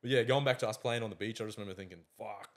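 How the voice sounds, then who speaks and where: A man's voice: on the low side, rapid-fire. A young Australian man co-hosting a podcast, telling stories in casual, sweary chat. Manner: swearing, laughing storyteller. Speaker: podcast co-host.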